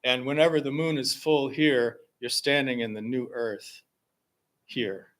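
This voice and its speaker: Slow, bright-voiced man telling a story. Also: medium pitch. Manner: slow, gentle storytelling with pauses. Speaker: singer-songwriter leading a service. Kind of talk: spoken reflection and song introduction. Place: fellowship hall.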